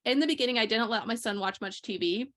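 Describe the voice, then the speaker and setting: Woman, fairly high voice, podcast co-host, anecdotal storyteller. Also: quick pace. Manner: storytelling, animated retelling of anecdotes. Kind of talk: casual chat.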